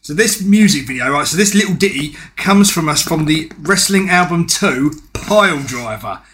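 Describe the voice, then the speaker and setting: A man co-hosting a wrestling podcast, playful and quick to giggle. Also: fairly high pitch, animated, a bit bright. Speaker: podcast co-host. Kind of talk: casual chat.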